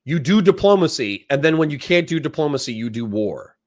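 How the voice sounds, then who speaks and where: A man's voice: a little high, big pitch swings, brisk, darkish tone. A man live-streaming commentary on a debate, ranting and swearing in exasperation. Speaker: livestreamer reacting to a debate.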